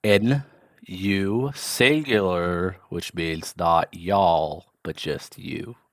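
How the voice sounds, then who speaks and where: Man, very low voice, unhurried, casual tutor, dry close sound. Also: no echo. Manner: chatty, with offhand asides and careful enunciation. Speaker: language tutor. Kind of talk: casual recorded language lesson.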